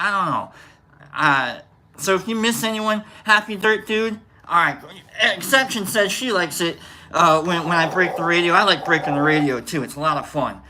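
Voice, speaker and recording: Guy doing his morning livestream, bright voice, greets chat by name, rambly and loose. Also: on the high side, a little hiss or hum. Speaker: livestream host.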